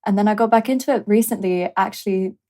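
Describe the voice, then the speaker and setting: A woman's voice: medium pitch, fast, warm tone. Friendly woman podcast guest. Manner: friendly, easygoing, laughs along. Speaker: guest content creator. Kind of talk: casual chat.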